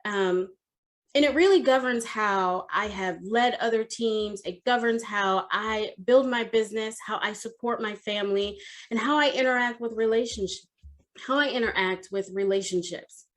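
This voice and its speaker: A middle-aged woman career coach tells a personal story in a motivational talk. Her voice sits a little high. She talks in an animated, conversational way. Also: normal speed.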